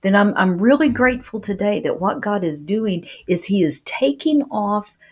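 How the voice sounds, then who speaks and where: A woman's voice: medium pitch, expressive, normal speed, husky. A woman preaching a sermon to a remote audience, earnest and repeating words as she stresses her points.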